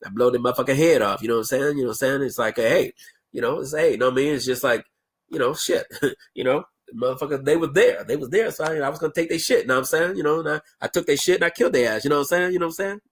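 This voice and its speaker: A man's voice: medium pitch, very fast, husky. A man putting on the voice of a callous, boastful male criminal who rambles with repetitive fillers.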